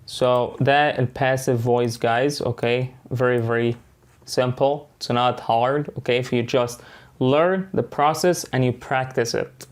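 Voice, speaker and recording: A man's voice: mid-range voice, clear, resonant tone. A man with an Egyptian accent teaching an online English lesson, switching between English and Arabic and often checking in with "okay" and "right".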